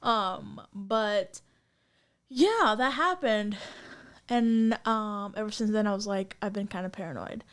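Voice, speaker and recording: A young adult woman co-hosts a podcast in casual chat, speaking slowly in a medium-pitched, fairly bright voice. She tells stories loosely and rambles, filling them with lots of "um" and "like."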